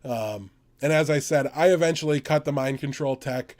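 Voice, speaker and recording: Quick-talking man in casual game chat. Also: mid-range voice, darkish tone. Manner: quick, trips over his words. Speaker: podcast co-host.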